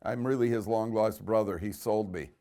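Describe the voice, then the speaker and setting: A man teaching a lively Torah class as a rabbi, telling stories, restarting his sentences and chanting Hebrew verses slowly. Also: fairly low pitch.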